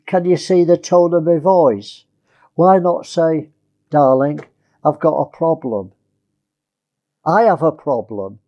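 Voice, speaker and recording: A man's voice: fairly high pitch, mellow, dull audio. A male preacher giving a conversational sermon, asking his listeners rhetorical questions.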